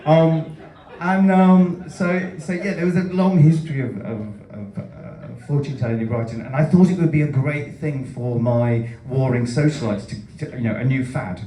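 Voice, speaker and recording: A man's voice: mid-range voice, moderate pace, dark tone. A man from Yorkshire, an author chatting at a book launch, telling rambling, self-mocking stories. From Yorkshire, England. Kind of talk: casual chat at a live book launch. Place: event room. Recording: roomy hall, mic far off.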